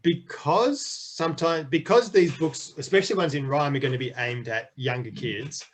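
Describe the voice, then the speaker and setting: A man's voice: medium pitch, animated, a little fast, breathy edge. A middle-aged man, a children's author, chatting enthusiastically in an interview with frequent restarts. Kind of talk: casual interview chat.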